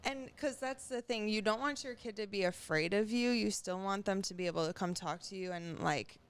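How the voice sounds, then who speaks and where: A woman's voice: medium pitch, brisk, clear, resonant tone. A woman co-hosting a podcast, talking casually with lots of fillers and an occasional curse. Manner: chatty with frequent "like" fillers and cursing. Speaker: podcast co-host. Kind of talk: casual chat.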